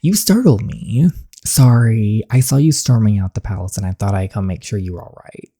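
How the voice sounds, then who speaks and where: A woman voicing a gentle, loyal young male royal guard in a story game, reading the lines plainly. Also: a bass voice, animated, moderate pace, husky, dry recording, clean studio sound, full character voice. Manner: reads the lines plainly while playing.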